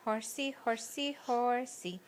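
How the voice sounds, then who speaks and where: A woman's voice: fairly high pitch, slow pace, slight background noise. A mother at home talking to her toddler in a coaxing, sing-song voice. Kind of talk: casual talk to a toddler. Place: at home indoors.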